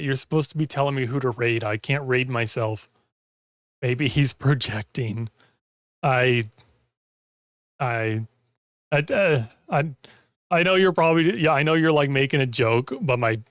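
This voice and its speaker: A man's voice: medium pitch, a little slow, long pauses, fairly bright tone, no echo, studio quality. A man chatting casually on a gaming stream, rambling with lots of "like" fillers and losing his voice. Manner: rambling, heavy use of "like". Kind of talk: casual chat while gaming.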